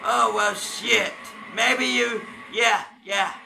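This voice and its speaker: A man giving loud, mocking gameplay commentary full of swearing and trash talk. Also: high-pitched, steady tone, very slow, gravelly, noisy background. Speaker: gamer.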